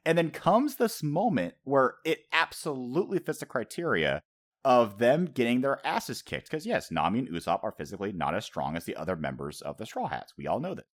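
A man's voice: medium pitch, sing-song, brisk. A man hosting a casual podcast chat, profane and laughing often, acting out quotes as he talks. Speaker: podcast host.

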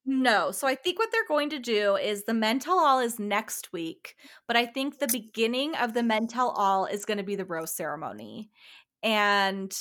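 A young woman co-hosting a casual podcast, bubbly and quick to laugh while recapping a reality show. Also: a little high, lively intonation, fairly bright tone. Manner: bubbly, laughs often, many fillers. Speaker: podcast co-host.

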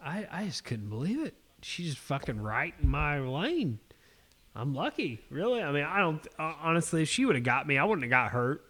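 Man hosting a casual podcast, animated and foul-mouthed. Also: on the high side, moderate pace. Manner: swears constantly, animated storytelling. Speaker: podcast host. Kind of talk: casual chat.

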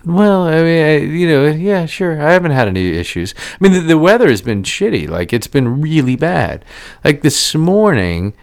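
A man's voice: fairly high pitch, sing-song, normal speed, creaky, darkish tone. A man co-hosting a podcast, chatting casually and crudely, rambling and joking with frequent laughs. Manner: rambling, jokey, laughs often. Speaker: podcast co-host. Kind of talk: casual crude comedic chat.

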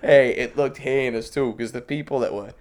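A man co-hosting a podcast in casual chat, profane and quick, telling crude stories and laughing often. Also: medium pitch, steady tone. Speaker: podcast co-host.

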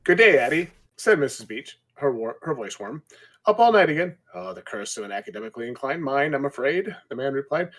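Lively man reading and joking about a book. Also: mid-range voice. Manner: expressive, quick reactions and joking asides. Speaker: podcast co-host. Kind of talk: casual chat and reading aloud.

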